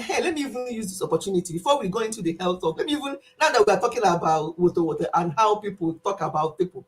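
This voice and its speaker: Older lady chatting on a live stream, laughs a lot, does little voices when she quotes people. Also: a little high. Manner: animated, laughs often, quotes others in voices. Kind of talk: casual chat to live-stream viewers.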